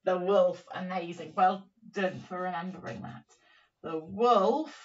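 A woman teaching young children a phonics lesson, speaking in a slow, encouraging, sing-song way and sounding out words. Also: lowish voice. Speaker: primary teacher. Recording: dull, slightly distant recording.

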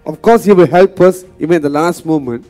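A pastor preaching a sermon earnestly, repeating points and asking the congregation questions. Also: male voice, on the high side, brisk, dark tone, faint music behind.

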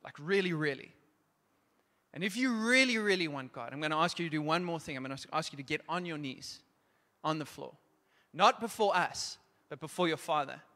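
A man preaching a sermon and leading an altar call, urgent and exhorting, at times dropping to a hushed, prayerful tone. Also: on the high side, lively intonation, brisk. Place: church hall. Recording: long church hall reverb.

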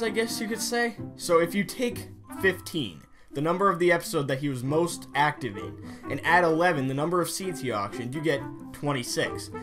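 A young man giving casual, excitable commentary while playing a video game, often breaking into mock-angry yelling. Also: a little high. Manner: excitable, yells and mock-rages at game animals. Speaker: gaming YouTuber.

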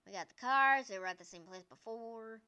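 High, bright-voiced excitable woman gamer. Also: brisk, highs cut off. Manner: excitable, squealing and cheering at the screen. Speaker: gaming channel host. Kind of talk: excited gameplay commentary.

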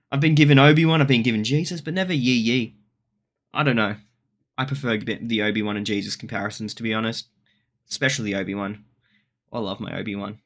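A man's voice: on the low side, steady tone, quick pace, pauses often, fairly bright tone. An Australian man vlogging casually in a rambling, self-deprecating way, often restarting his sentences. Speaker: YouTuber. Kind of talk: casual vlog commentary.

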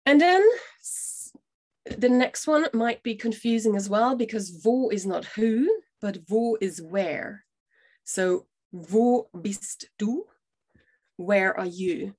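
A woman's voice: medium pitch, takes it slowly, darkish tone. A middle-aged woman teaching a language lesson to the camera, explaining patiently step by step and checking in with "yeah?" as she goes.

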